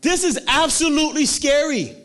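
A man preaching a sermon in a playful, animated way, acting out the people in the story and laughing often. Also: very high voice, moderate pace.

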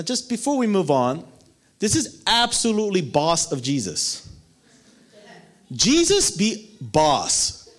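Lively high-pitched male preacher. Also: slow. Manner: animated, playful, acts out voices with laughter. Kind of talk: sermon.

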